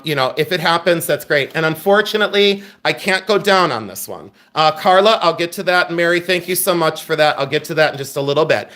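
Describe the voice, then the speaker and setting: A man with a notably high voice talks his way through a live jewelry sale. He is middle-aged, chatty and playful, and thanks viewers by name while showing off pieces. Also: a bit bright. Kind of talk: live-stream selling chat.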